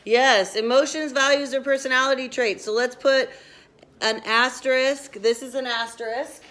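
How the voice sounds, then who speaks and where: Female teacher, slightly high voice, brisk and directive, classroom lesson. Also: steady tone, a bit bright.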